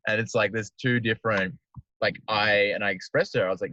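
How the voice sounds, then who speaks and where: A man hosts a casual chat podcast, rambling and saying "like" constantly. His fairly low voice is quick with a sharp tone, captured in a dull, dry lo-fi recording.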